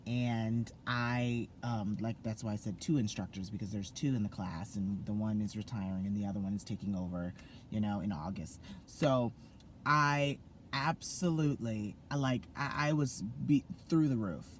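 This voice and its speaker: A man's voice: lowish voice, normal speed, a little hiss or hum. Gushing young man vlogging. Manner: gushing, effusive, many fillers and restarts. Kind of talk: excited casual vlog to camera.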